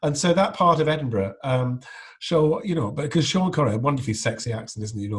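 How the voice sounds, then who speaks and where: Brief: middle-aged male guest, mid-pitched and husky, casual anecdotal chat full of restarts. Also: fast. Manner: rambling anecdotes, frequent restarts. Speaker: guest, impressionist.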